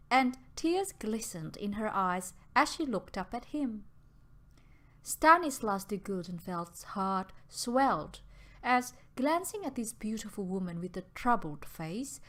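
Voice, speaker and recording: A woman narrates an audiobook in a soft, unhurried way, often dropping near a whisper. Her voice sits fairly high and moves in a lively, expressive melody while she takes her time.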